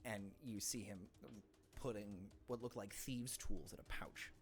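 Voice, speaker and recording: Low-voiced man narrating as game master. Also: fairly even intonation, measured pace, faint music behind. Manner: rambling, loose narration with fillers.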